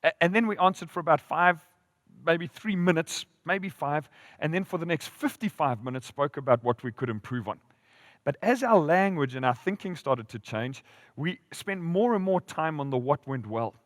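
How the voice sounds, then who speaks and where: A man with a fairly high voice delivers a church sermon, telling stories with swelling and falling volume. His voice is close and dry, yet a long reverb trails off in the church hall around him. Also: moderate pace. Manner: storytelling with lively rises and drops in volume. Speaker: pastor.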